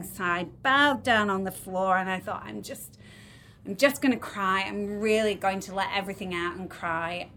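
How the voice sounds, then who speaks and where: A woman's voice: medium pitch, bright, forceful tone, a little hiss or hum. Reflective woman guest telling stories. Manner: reflective, earnest, storytelling. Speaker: podcast guest. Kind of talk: casual chat.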